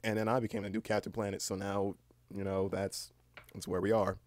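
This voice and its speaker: A man's voice: lowish voice, little pitch movement, fairly quick, darkish tone, no echo. A young man, just woken up, rambling through a casual stream chat with a cracking voice and lots of restarts. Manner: rambling, many fillers and restarts, swears casually. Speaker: livestreamer.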